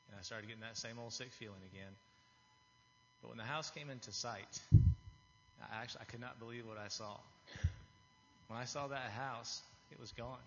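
Bright and forceful at a medium pitch, this man's voice carries his heartfelt testimony to a church audience as a layperson, often breaking off to restart phrases. A slight hiss or hum sits in the dull, echoing hall recording.

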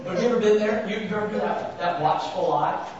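The recording sounds distant, dull, and heavily echoey as this fast-talking, high-pitched pastor delivers his sermon with a crowd audible behind him. He keeps throwing rhetorical questions at the congregation and dramatizes scripture's words, his emphasis rising.

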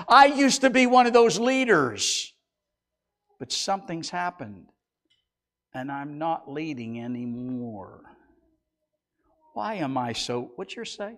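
A middle-aged male pastor preaching a sermon and reading scripture aloud, swinging between loud emphatic lines and quiet low passages. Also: animated, a little slow, pauses often.

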